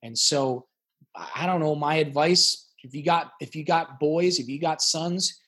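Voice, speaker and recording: A middle-aged man talks as a podcast guest with a raspy, husky voice sitting slightly high. He speaks with raw intensity and emphasis, repeating words as he pushes his points. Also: measured pace, fairly bright tone. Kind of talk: emotional interview talk.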